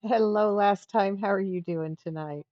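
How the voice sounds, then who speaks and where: A middle-aged woman chats casually on her livestream, rambling through her story with lots of restarts and half-finished phrases. Her voice sits at a medium pitch. The sound is dry and a little dull. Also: normal speed, no room sound. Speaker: livestream host. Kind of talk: casual chat.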